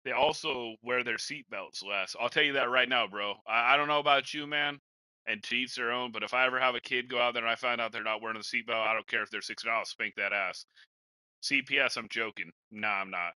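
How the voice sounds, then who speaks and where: A man's voice: mid-range voice, sharp tone, no room sound, rough recording. A young man hosting a podcast, chatting in a laid-back, rambling way and calling his cohost bro and man. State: has the hiccups. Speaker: podcast host and Madden gamer. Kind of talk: casual podcast chat.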